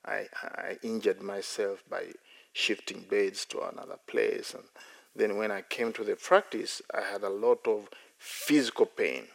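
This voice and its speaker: Gravelly-voiced monk giving a playful talk. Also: male voice, fairly low pitch, steady tone, unhurried. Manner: playful, chuckles often between phrases; anecdotal, self-deprecating. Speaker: Buddhist monk and meditation teacher. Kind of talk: dharma talk at a meditation retreat.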